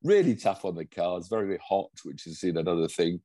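Low, mellow man rambling enthusiastically. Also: animated, fast talker, dry recording. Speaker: podcast co-host and pundit. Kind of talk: casual chat.

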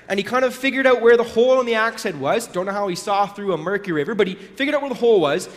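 With a long hall reverb around him, a male pastor speaks in a high, slightly bright voice. His sermon is conversational, built around a story with relaxed asides and little acted-out voices.

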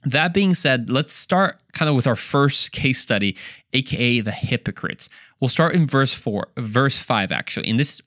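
A man's voice: medium pitch, animated, normal speed, fairly bright tone, dry recording, clean studio sound. A man hosting a Bible lesson podcast, earnest and emphatic, rising on key points and sometimes poking fun at himself. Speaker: Bible study podcast host.

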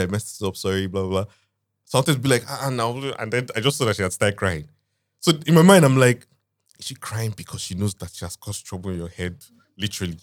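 A man's voice: mid-range voice, dry recording, studio quality. A man co-hosting a podcast, telling a shared story in casual chat with laughter and acted-out quotes. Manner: animated, laughing, acts out quotes. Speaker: podcast co-host.

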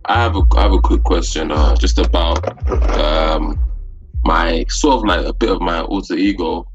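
A man's voice: deep voice, normal speed, lo-fi sound, over music. A young man with a London accent asking a hesitant question in a casual podcast chat, full of fillers. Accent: London English. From England. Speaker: sales rep asking a question.

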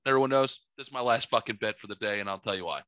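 A middle-aged man hosting a casual chat, telling rambling, profane, animated stories from his home studio. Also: fairly low pitch, rapid-fire, clean tone, dry recording. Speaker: podcast host.

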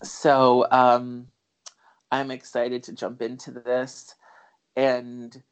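A man talking loosely through a film review on a podcast, circling his points with fillers and false starts. He is candid and swears now and then, in a relaxed, unscripted chat. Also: medium pitch, very slow, clear, resonant tone. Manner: rambling, full of fillers and restarts. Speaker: podcast co-host.

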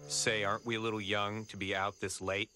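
A man's voice: lowish voice, level tone, fairly quick, slight background noise. An actor playing a sarcastic male police officer in a horror film, talking down to a suspect. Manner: sarcastic, dismissive. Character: gruff, sarcastic male night-patrol cop. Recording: movie audio under loud score and crickets.

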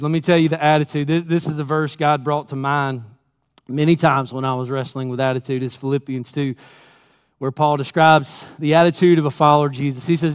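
High-voiced man preaching in a reverberant hall. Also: clear, resonant tone. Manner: candid storytelling with laughs, acting out his own quotes. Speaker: pastor. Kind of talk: sermon. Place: church sanctuary. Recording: dull sound with long hall reverb.

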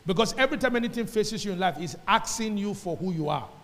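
A Nigerian pastor delivers a fiery sermon in a high, ringing voice. He hammers his points with repetition and slips into pidgin now and then. The sound carries a long reverb from a church hall. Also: expressive, quick pace, a bit bright. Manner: emphatic preacher, repeats phrases, dips into pidgin.

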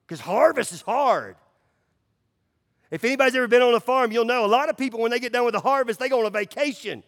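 A man preaching a sermon as pastor, talking casually with fillers and swinging between loud, emphatic runs and hushed, low drops. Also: expressive, fast talker, big-room sound.

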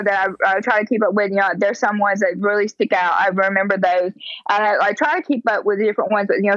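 A woman, talking haltingly as a podcast co-host with lots of filler words. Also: medium pitch, a bit bright, no echo, highs cut off. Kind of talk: casual chat.

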